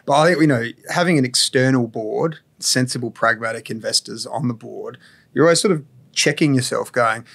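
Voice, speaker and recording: Measured man telling his story. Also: medium pitch, gravelly, fairly bright tone, slightly rough. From Australia. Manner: measured, explains at length with frequent "you know" and "like". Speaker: entrepreneur guest. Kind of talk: reflective podcast interview.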